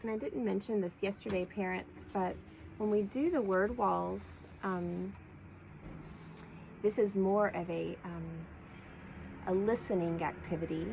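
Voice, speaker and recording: A woman teaching a preschool class, speaking slowly and clearly as she sounds out letter blends for young children. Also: mid-range voice, darkish tone, a little hiss or hum, poor audio. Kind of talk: slow read-aloud lesson for young children.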